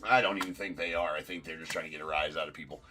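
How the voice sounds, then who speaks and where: A man's voice: rumbling low, fairly even intonation, racing, pushed and bright, soft background music. A man hosting a live card break stream, calling out pulled cards and bantering with viewers in chat.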